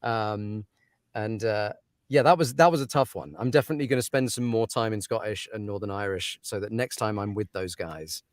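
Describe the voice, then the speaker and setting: A chatty man talking casually in an interview, his voice sitting a bit low. The sound is dry and close, with no room around it. He laughs easily and drifts into ums between thoughts. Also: moderate pace, no echo. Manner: chatty, laughs often, trails off with fillers. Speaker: audiobook narrator, interview guest.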